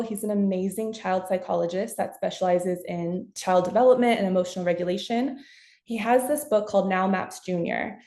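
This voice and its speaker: Mellow-voiced woman presenting in an echoey room. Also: medium pitch. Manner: casual and chatty, acts out example self-talk. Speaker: parent workshop presenter who works with young children. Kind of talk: conversational webinar presentation.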